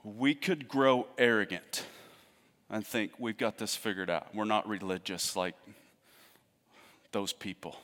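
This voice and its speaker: A man preaching a sermon in a conversational way, swinging between loud emphasis and hushed asides. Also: lowish voice, steady tone, unhurried, long pauses, in a large hall. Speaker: pastor.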